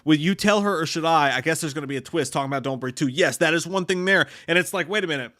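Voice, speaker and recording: A man's voice: fairly high pitch, fast talker, sharp tone, no echo, studio quality. A man co-hosting a casual live stream, reading viewer comments aloud and telling stories with animation and plenty of swearing. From United States. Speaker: podcast co-host reading chat.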